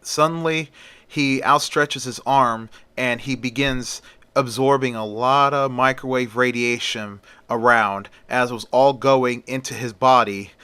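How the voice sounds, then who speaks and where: A man's voice: medium pitch, steady tone, unhurried, sharp tone, clean tone, no room sound. A man casually retelling a superhero story in a plain, conversational way.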